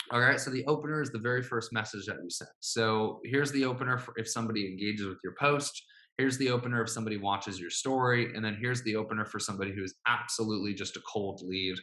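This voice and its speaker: Upbeat man coaching in a bright, echoey room. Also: mid-range voice. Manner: upbeat, often asks "right?" to check in. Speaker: sales coach. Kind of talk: teaching a sales script.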